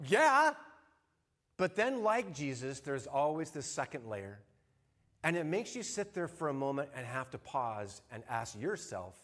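A middle-aged man delivers a sermon in a slightly high voice. He speaks earnestly as a pastor, often dropping into soft, hushed tones to press a point home. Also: very animated, moderate pace.

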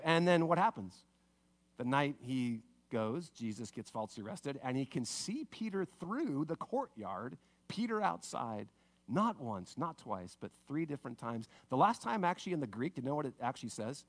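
A man preaching a sermon to parents, telling a story with lively acted-out voices and dropping to a soft, low tone for emphasis. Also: moderate pace. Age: adult parent. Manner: animated storytelling, acting out characters with big pitch swings. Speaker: pastor.

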